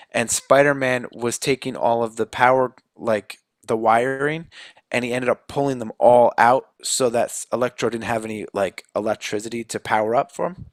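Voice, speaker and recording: A man's voice: mid-range voice, no room sound, clean studio sound. A man co-hosting a podcast, loosely retelling a story and acting out quotes, with fillers. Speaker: podcast co-host. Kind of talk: casual chat.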